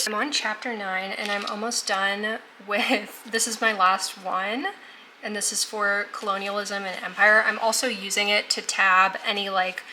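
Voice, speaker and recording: A woman's voice: on the high side, roomy sound, background noise. A woman chatting casually in a reading vlog, gushing about a book she is reading and filling her talk with likes and ums. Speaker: book vlogger. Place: apartment at home.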